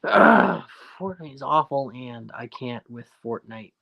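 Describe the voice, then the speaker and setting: A man's voice: medium pitch, animated, unhurried, gravelly, lo-fi sound. Jokey Newfoundland man on a livestream. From Newfoundland, Canada. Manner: rambling and jokey, laughs often. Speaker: livestream host. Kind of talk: casual livestream chat, reading viewer comments aloud.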